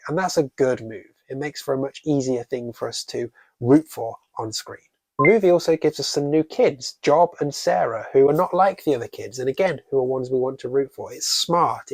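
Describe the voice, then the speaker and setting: A man's voice: a little high, a little mellow, no room sound. A man reviewing a horror film in a casual scripted style, sarcastic and swearing freely.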